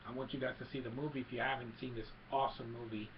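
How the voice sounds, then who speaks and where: A man's voice: mid-range voice, little pitch movement, racing. A man eagerly retelling a film plot in a casual recap, rambling and restarting as he goes, on a dull lo-fi recording with faint hiss. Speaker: film reviewer.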